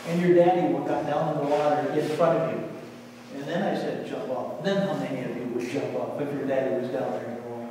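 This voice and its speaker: A man's voice: medium pitch, fairly even intonation, fast talker. A man giving a children's sermon, questioning the children and answering them himself, then closing in prayer. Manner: closes in prayer. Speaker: pastor. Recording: echoey church hall from far off with noise.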